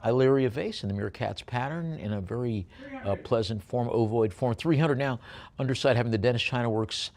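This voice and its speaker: A man's voice: mid-range voice, brisk, a little mellow. A man working as an auctioneer, calling bids at a live sale. He describes each lot with many hesitant fillers and drops joking asides between bids.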